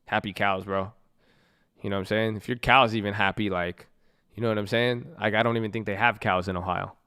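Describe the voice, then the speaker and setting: This young man from Southern California streams indoors at his computer, reading viewer messages and bantering with slang, jokes, and profanity. His fairly low voice is smooth, bright, and forceful, fairly quick, with fairly even intonation.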